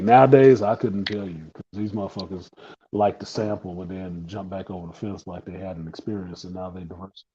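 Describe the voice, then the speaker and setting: In a fairly low, husky voice on a muffled recording, a podcast co-host shares crude, laughing stories. His animated storytelling comes as casual banter on a live talk stream.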